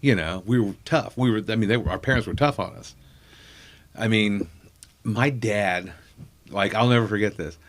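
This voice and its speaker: A man's voice: on the low side, normal speed, long pauses. A middle-aged man telling rambling, self-deprecating family anecdotes in a casual chat, acting out the people he quotes. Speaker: comedian guest.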